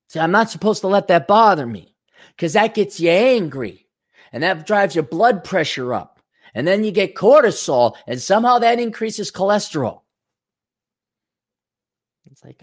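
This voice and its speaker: A man's voice: high voice, big pitch swings, a little slow, pauses often. A man hosting his own show, rambling in a profane, sarcastic monologue. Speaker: show host.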